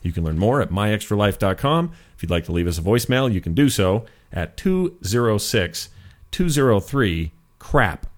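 Joking low-voiced podcast host man. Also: sing-song, moderate pace. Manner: joking, goofy, self-mocking. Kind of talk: casual chat.

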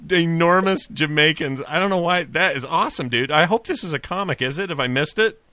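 A man from the United States, co-hosting a casual chat, throws in quick jokey banter and teasing reactions. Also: a little high, sharp tone, dry recording.

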